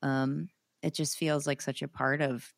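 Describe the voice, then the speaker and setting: A woman's voice: a bass voice, flat delivery, unhurried, creaky, no room sound. A young woman, a singer-songwriter guest, chatting casually and enthusiastically with lots of fillers. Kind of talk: casual interview chat.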